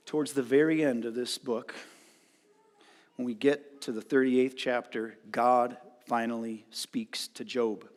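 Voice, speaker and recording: A male pastor preaching a sermon, retelling a story dramatically and acting out the voices with loud outbursts. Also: medium pitch, fairly even intonation, unhurried. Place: church hall. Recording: long hall reverb.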